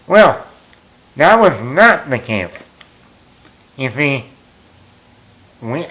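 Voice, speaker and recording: A man's voice: medium pitch, a bit bright, low-quality recording. A man chatting casually as a movie vlogger, telling a story in a rambling, self-mocking way with lots of fillers.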